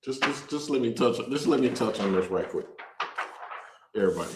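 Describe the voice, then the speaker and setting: A man hosting a casual show, talking to viewers in an animated, joking way and drawing out words for emphasis. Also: mid-range voice, brisk, reverberant, background noise. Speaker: host. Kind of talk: casual direct-to-camera promo talk.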